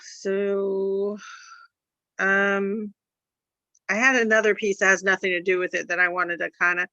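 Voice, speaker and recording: A sleepy woman poet reading haiku at an online open mic, talking slowly and tiredly with soft laughs. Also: medium pitch, little pitch movement, no echo, lo-fi sound.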